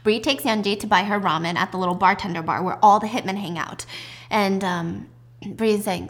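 A woman's voice: fairly even intonation, a little fast, fairly bright tone. A woman casually recapping a drama, acting out the characters' lines and swearing freely. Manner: swears freely, acts out the lines with big pitch jumps. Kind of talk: casual recap with acted dialogue.

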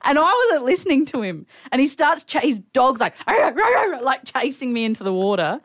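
A woman co-hosting a podcast, telling a comic story in an animated way and often laughing. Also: sits high, a little fast, no room sound, studio quality. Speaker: podcast co-host. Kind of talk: casual chat, comic storytelling.

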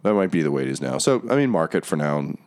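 A man narrating as game master of a tabletop fantasy game, talking loosely with many pauses and ums. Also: rumbling low, very animated, darkish tone.

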